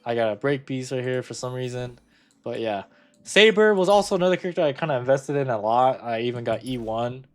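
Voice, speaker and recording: A young man in casual gameplay commentary, rambling and correcting himself, with sudden bursts of excitement. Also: mid-range voice, fairly quick. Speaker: gaming content creator.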